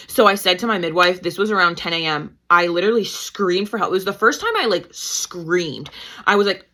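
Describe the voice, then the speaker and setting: Woman, 30s, podcast guest, lowish voice, animated storytelling, acts out quotes. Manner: animated, quotes herself with pitch jumps. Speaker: guest, certified nurse-midwife and mother. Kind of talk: casual storytelling interview.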